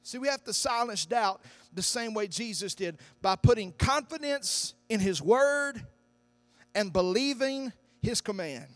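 A man's voice: sits high, animated, unhurried, no room sound. A man preaching a sermon, reading scripture and building to emphatic declarations. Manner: emphatic, rising to loud declarations.

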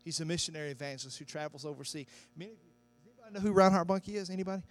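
A man preaching a sermon, telling a story that builds to loud, shouted climaxes. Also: on the high side, racing. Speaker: pastor.

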